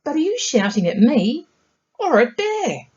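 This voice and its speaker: A woman voicing a shy, polite male moose in a storybook, speaking softly and pleading. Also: sits high, big pitch swings, measured pace, dull audio, pitched above the performer's own voice. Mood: timid polite.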